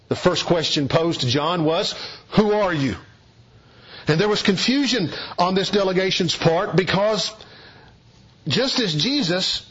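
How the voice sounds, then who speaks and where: A man preaching an expository sermon, emphatic and deliberate, leaning hard on key words. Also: high-pitched, a bit bright, breathy edge, dull audio.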